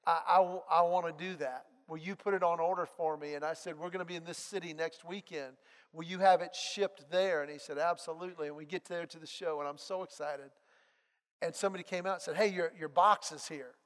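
A man with a high, light voice preaches to a congregation. He tells his story in a lively way and acts out each exchange. His voice rings with the long reverb of a large hall. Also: brisk. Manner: animated storyteller acting out dialogue. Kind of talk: sermon with personal storytelling.

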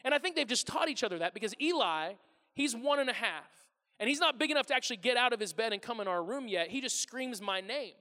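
Bright high-voiced man preaching in a hall. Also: quick pace. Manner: animated, self-deprecating, acts out family voices. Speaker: pastor. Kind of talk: humorous sermon storytelling. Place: large church hall before a congregation.

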